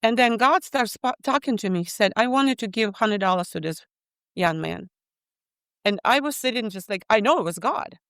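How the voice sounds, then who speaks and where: Animated older Ukrainian woman telling her story. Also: medium pitch, moderate pace, no room sound, studio quality. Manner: animated storytelling, acts out quoted voices; non-native grammar, repeats words. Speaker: guest. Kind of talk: testimony in a podcast interview.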